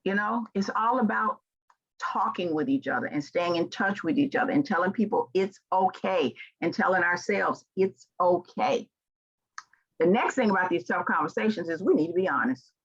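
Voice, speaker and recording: Husky-voiced Southern woman speaker. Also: fairly low pitch, normal speed, highs cut off. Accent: Southern American. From American South. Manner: earnest and emphatic, with rising animated stretches. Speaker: keynote speaker. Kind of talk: motivational talk.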